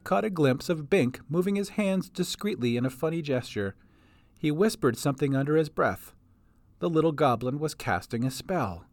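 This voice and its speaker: Lively man narrating a story. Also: fairly high pitch, moderate pace, no room sound. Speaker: podcast storyteller. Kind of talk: scripted narration. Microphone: home recording setup.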